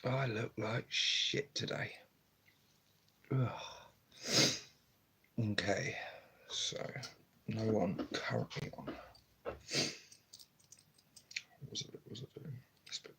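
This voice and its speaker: Hushed, gravelly man. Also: on the low side, slow pace, pauses often. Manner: speaking quietly, chatty and rambling with frequent ums. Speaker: hobby streamer. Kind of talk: casual live-stream chat. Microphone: phone camera.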